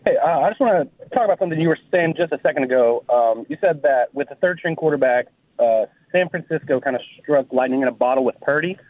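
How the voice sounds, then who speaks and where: A man calling in to a sports talk show, speaking hesitantly with many pauses. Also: on the high side, animated, dry recording. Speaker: caller. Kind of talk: call-in talk radio. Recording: tinny phone line.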